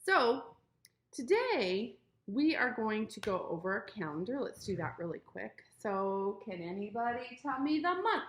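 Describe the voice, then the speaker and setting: A woman's voice: a little high, big pitch swings, unhurried. A woman teaching young children in an online class from home, sing-song and coaxing, a little sniffly from allergies. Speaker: preschool teacher. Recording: roomy echo.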